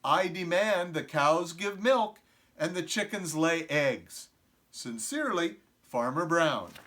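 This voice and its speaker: A man's voice: fairly high pitch, expressive, takes it slowly, bright, forceful tone, heavily acted. A man voicing an exasperated farmer in a children's storybook, exclaiming indignantly. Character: exasperated grown male farmer.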